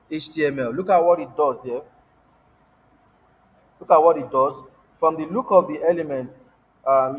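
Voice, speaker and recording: A man's voice: on the high side, in a large hall, a little hiss or hum, rough recording. A man teaching a coding lesson, stopping often to quiz his class with rhetorical questions and repeating key words. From Africa. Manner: repetitive, asks rhetorical "what?" prompts. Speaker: coding instructor. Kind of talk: screen-share coding lesson.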